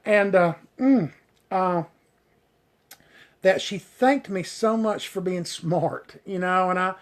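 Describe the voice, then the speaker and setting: A man who works as a hairstylist talks slowly in a high-pitched voice while casually streaming live. Replying to comments, he rambles with enthusiasm, uses "you know" constantly, and gets tongue-tied on hard words.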